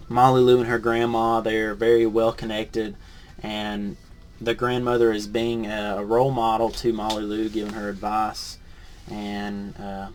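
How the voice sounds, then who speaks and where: Man reading a picture book aloud. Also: fairly low pitch. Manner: lively storybook reading, rising on punchlines, then soft and hesitant when reviewing.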